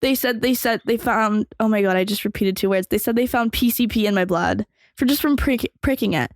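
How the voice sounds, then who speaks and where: A woman's voice: fairly high pitch, brisk, no echo. Young woman rambling through a story, dry sound. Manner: rambling, filler-heavy, swearing freely. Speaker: podcast host. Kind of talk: casual storytelling.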